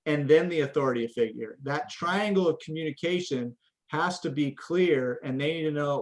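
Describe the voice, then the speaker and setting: A man's voice: a little high, normal speed. A middle-aged man, a coach and parent educator, answering interview questions in an earnest, conversational way and often restarting his sentences. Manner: earnest, repeats words when starting sentences.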